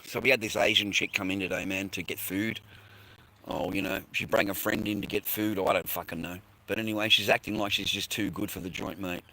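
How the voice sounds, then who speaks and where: Australian man, casual rambling chat, swears a lot, bright and punchy voice. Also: on the low side, fairly even intonation, brisk, rough recording. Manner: swears freely, rambling, slangy. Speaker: livestreamer chatting with viewers.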